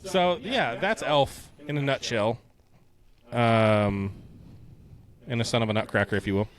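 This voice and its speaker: A man in his thirties co-hosting a casual podcast, animated and chatty. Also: mid-range voice, unhurried. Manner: animated, quotes movie lines in silly voices. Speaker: podcast co-host.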